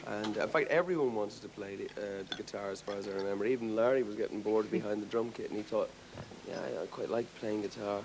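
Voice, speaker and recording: Rambling Irish rock singer. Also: male voice, fairly low pitch, fast, hardly any pauses, a little mellow, a little hiss or hum, low-quality recording. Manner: thoughtful, rambling, with frequent restarts. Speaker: rock singer interviewed as a guest. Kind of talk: casual TV studio interview. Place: TV studio with an audience.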